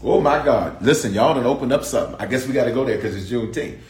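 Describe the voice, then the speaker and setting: A man preaching a sermon to a congregation, calling out to the crowd and repeating key lines, dropping to a hush and then rising to a shout. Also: mid-range voice, quick pace, echoey room. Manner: call-and-response preaching, repeating lines, shifting from hushed to shouted. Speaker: bishop preaching. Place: church sanctuary.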